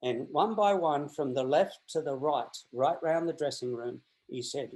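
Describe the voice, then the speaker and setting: A man's voice: on the high side, a little slow, few pauses, low-quality recording. A man in his sixties with an Australian accent, telling a long story in a casual interview and acting out the people in it. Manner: animated, acts out the voices in his tales. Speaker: interview guest. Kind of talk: anecdotal storytelling in casual chat.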